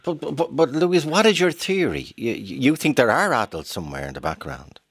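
Lively radio host, probing questions. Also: male voice, mid-range voice, brisk, slightly rough, no room sound. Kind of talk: radio phone-in hosting. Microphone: studio microphone.

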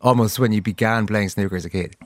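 A male radio host asking questions in a brisk, friendly way. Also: lowish voice, no echo. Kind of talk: broadcast interview.

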